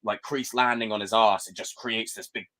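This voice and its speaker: A young man chatting on a live stream, ranting and swearing in an excitable way. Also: on the low side, normal speed. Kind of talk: casual live-stream chat.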